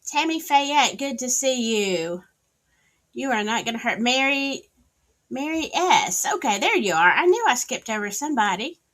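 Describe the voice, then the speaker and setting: Southern female host, livestream hangout; bright, animated, slow-paced, sassy. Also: a little high. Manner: chatty, greets viewers by name, sassy asides. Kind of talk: casual livestream chat. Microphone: streaming setup, wired in.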